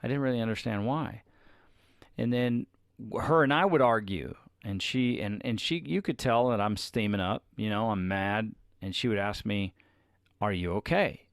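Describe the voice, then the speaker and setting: Male co-host, slightly low voice, dry close sound, candid confessional talk. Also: moderate pace, no room sound. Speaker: podcast co-host with his wife. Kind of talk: casual chat.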